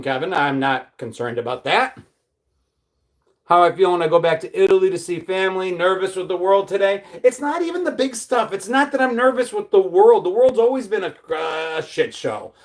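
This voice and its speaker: An American man in his forties hosting a casual livestream, talking in an anxious, rambling, self-deprecating way. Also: sits high. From United States. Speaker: livestream host. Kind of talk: casual live chat reading viewer comments.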